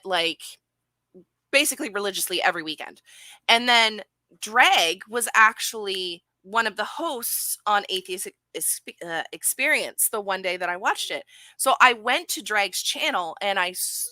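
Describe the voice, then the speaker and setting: A woman's voice: mid-range voice, pushed and bright, no echo. A woman talking casually on a live stream, chatty and giggly, rambling with lots of fillers. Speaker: streamer reviewing videos.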